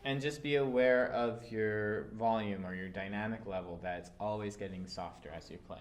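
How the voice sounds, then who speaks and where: A man teaching a violin part, calm and patient, with frequent fillers as he explains. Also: lowish voice, moderate pace, over loud music. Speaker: orchestra teacher. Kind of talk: instructional walkthrough.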